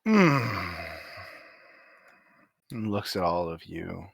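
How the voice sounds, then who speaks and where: A man running a tabletop game, narrating in a slow, relaxed way. His pitch moves a lot, and the sound is dry and close. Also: creaky, husky, no echo. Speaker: game master.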